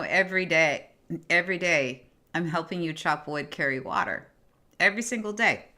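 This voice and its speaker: A woman hosting a casual livestream, reading viewer comments aloud and answering them in an encouraging, effusive way. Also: low voice. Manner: warm and effusive. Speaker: livestream host.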